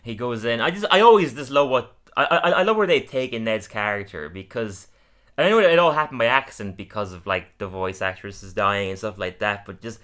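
Podcast co-host, male, bright tone, animated recap with frequent laughs. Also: fairly low pitch. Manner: animated, laughs often, acts out lines in quick voices. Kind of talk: casual episode recap.

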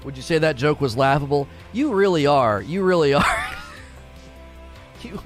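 A man's voice: on the high side, lively intonation, moderate pace. A middle-aged man streaming, chatting casually and joking, repeating his phrases, with faint music behind. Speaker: gaming streamer. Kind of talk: casual livestream chat.

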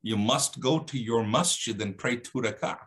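Bright-voiced man telling a story. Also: moderate pace. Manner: dramatic, acts out dialogue with shifting pitch. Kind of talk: animated religious storytelling.

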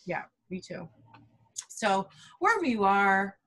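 A woman from Canada co-hosting a doula podcast, talking in a chatty, animated, self-deprecating way. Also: medium pitch, takes it slowly. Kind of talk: casual chat.

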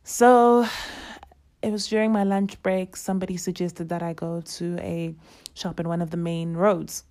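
Casting: young woman, low-ish voice, lively casual storyteller who acts out dialogue. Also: measured pace. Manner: animated, acts out quoted dialogue, laughs often.

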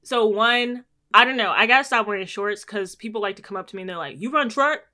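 A woman's voice: mid-range voice, steady tone, fast talker, pushed and bright. A woman in casual chat, animatedly telling stories and acting out exchanges, swearing freely.

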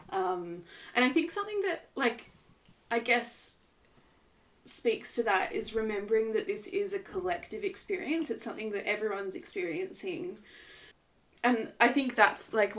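A woman co-hosting a podcast in casual chat, reflecting slowly and searching for her words. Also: medium pitch, recorded from a distance. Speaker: podcast co-host.

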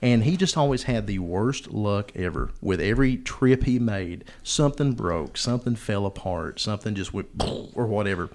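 A man's voice: lowish voice, moderate pace, hardly any pauses, a little mellow. A man, hosting a podcast and telling a long, rambling, joking story. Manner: rambling, laughs often, plays up the joke. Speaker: podcast host. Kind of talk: casual storytelling.

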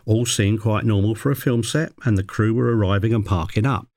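In a brisk, darkish voice with no echo, a man who handles animals recounts a story from work, dry and wry in delivery. He mimics a parrot with a high-pitched voice.

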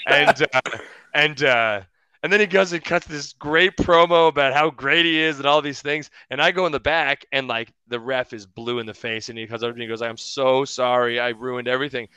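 A young man, a pro wrestler guest on a podcast, telling stories in an animated way, with lots of restarts and laughs. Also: on the high side, brisk, clear, resonant tone, no room sound. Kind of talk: casual podcast chat.

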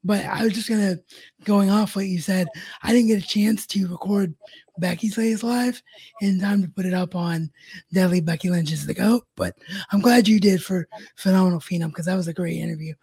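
A woman co-hosting a casual chat over a remote call, with a gravelly, husky voice. She is agreeable, often chiming in to agree, and steers the conversation back on track. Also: on the low side, fairly quick, mellow. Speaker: podcast co-host.

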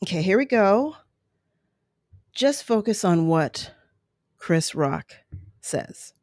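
Slow, earnest woman commentator, dry close mic. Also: medium pitch, big pitch swings, a little mellow, no room sound. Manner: earnest, emotional, apologetic asides. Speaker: video commentator. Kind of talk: reaction commentary on a clip. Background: baby making noises.

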